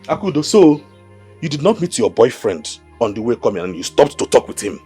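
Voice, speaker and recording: An actor with a Nigerian accent playing a suspicious husband who loudly questions his wife. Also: mid-range voice, sing-song, a little slow, slightly rough, soft background music, heavily acted. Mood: accusing. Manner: loud, accusing.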